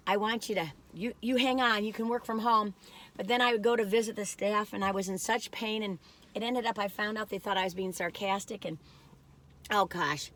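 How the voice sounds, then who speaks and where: A woman's voice: mid-range voice, a bit bright. A middle-aged woman chatting casually in a meandering, folksy way while reviewing food. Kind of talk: casual rambling chat.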